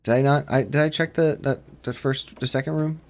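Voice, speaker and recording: A man's voice: medium pitch, fairly even intonation, fairly quick. Jumpy man commentating a horror game. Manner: rambling, jumpy, shouts when startled. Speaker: gaming channel host.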